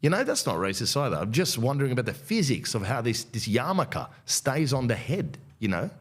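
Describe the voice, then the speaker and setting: A man's voice: brisk, slightly rough. A man, a comedian and podcast host delivering a rambling, profane rant. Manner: rambling, profane and provocative, with lively pitch swings.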